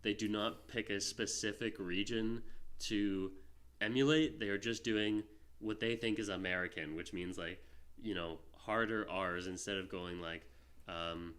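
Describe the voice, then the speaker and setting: Rambling low-voiced podcast guy. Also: fairly even intonation, measured pace, a bit bright. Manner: rambling, lots of fillers and restarts. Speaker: podcast co-host. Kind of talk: casual chat.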